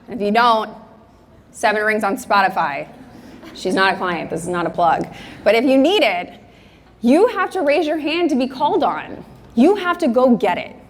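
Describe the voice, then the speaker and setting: A young woman giving a motivational keynote talk on a conference stage, upbeat and chatty and quick to laugh. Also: mid-range voice, slight background noise. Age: young adult. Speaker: keynote speaker. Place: conference stage in a large hall. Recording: echoey hall, faint ambience.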